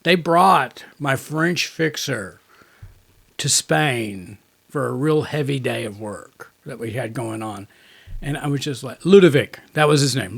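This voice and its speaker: Co-host, male, gravelly mid-pitched voice, casual chat, laughing storyteller. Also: fairly bright tone. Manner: rambling storyteller, laughs often. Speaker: podcast co-host.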